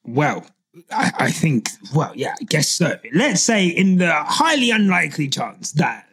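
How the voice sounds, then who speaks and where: A woman co-hosting a casual podcast, animated and swearing freely as she rants. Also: low-pitched, a little slow, slightly rough. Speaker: podcast co-host.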